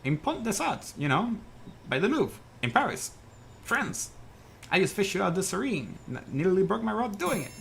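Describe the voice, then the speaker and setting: A man's voice: high-pitched, big pitch swings, moderate pace, vocal fry, a little hiss or hum, voice pushed up, heavily acted. A man doing a chirpy young sparrow fisherman. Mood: eager. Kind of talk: reading game dialogue aloud.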